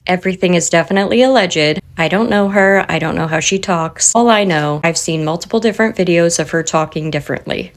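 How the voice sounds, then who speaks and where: A woman's voice: lowish voice, a little fast, hardly any pauses, faint music behind. A woman giving casual online commentary in a skeptical, puzzled way. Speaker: social media commentator.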